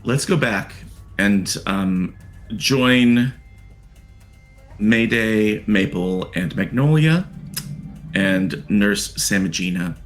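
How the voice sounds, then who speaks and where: A man's voice: fairly low pitch, lively intonation, very slow, long pauses, soft background music. A man running a tabletop horror game as game master, narrating casually with plenty of fillers. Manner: casual, rambling, many fillers.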